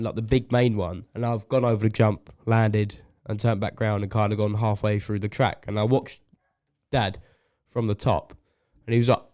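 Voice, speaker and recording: A podcast co-host tells a story in a casual, animated chat, laughing often. His voice is medium in pitch.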